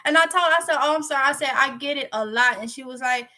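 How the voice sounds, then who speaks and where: Woman, Mississippi Southern accent, casual vlog storytelling, candid, bright tone. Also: sits high, fast talker. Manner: chatty, candid, lively retelling. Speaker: vlogger.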